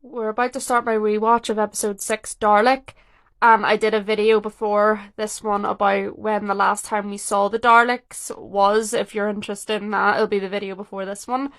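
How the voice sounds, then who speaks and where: A young woman vlogger reacting to a rewatch in casual, chatty commentary. She is excitable and opinionated, and her sentences restart and interrupt themselves. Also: medium pitch. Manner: excitable, talks fast with restarts and self-interruptions; opinionated, emotional fan.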